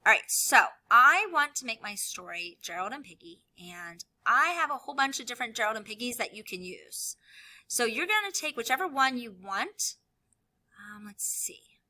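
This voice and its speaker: A woman teacher walking children through a tutorial in a sing-song voice, now and then dropping to a soft whisper. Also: on the high side, very animated, normal speed. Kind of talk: screen-recorded classroom tutorial.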